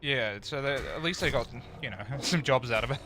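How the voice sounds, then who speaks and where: A man's voice: medium pitch, expressive, brisk, pushed and bright. A man streaming an online game, chatting casually in a loose, rambling way with plenty of fillers. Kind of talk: casual chat while gaming.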